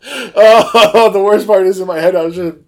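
A man's voice: sits high, moderate pace. A man co-hosting a casual podcast, reviewing a beer and laughing often between his lines. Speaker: podcast co-host.

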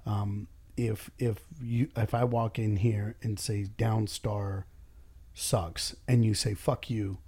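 A man's voice: lowish voice, level tone, slow pace, mellow, husky. This is a man who owns a business, chatting in a casual, blunt way. He curses freely and acts out snippets of conversations to make his point. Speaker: business owner and boss. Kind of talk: casual podcast chat.

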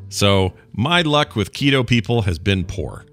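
A middle-aged man with a lowish, very animated voice, chatting casually as a podcast co-host. He jokes, rambles and slips into mock rants. Soft music plays faintly behind him. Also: unhurried. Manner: joking, rambling, mock-ranting. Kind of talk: casual chat.

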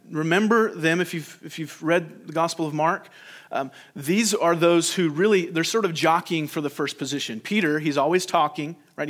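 Man preaching a conversational sermon. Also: on the high side. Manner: conversational preaching, voices the disciples in quotes. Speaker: pastor.

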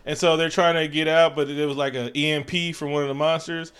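A man with a fairly high voice talks loosely and loudly, swearing freely as he recaps a film. His telling is animated and full of jokes. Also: a little fast, clean tone. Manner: loud, profane, joking, animated retelling. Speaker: podcast co-host. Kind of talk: casual chat recapping a movie.

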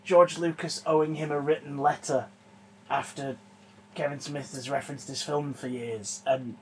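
A man's voice: fairly high pitch, fairly even intonation, darkish tone, slight background noise, poor audio. Man co-host with teasing banter. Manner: teasing, quick interjections. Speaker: podcast co-host. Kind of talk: casual chat.

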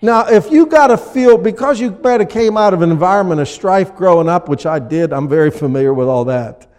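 A man preaching a sermon as pastor, acting out people in little scenes with lively energy. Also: high-pitched, fairly quick, long reverb tail. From USA.

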